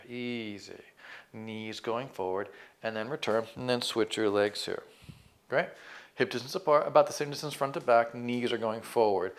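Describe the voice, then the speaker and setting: Male fitness coach, mid-pitched, calm and patient, talks students through each move. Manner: calm, coaching cues with counting and encouragement; self-deprecating asides. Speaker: fitness instructor. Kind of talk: exercise class instruction.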